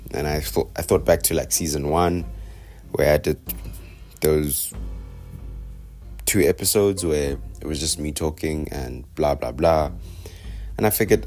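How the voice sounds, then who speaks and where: A young South African man talks alone into a podcast mic, drifting from thought to thought and laughing at himself. His voice sits very low. Faint music plays underneath. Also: unhurried, long pauses, a little mellow. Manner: loose, self-mocking, digressive, with many fillers. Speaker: podcast host. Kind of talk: rambling solo podcast chat. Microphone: podcast microphone.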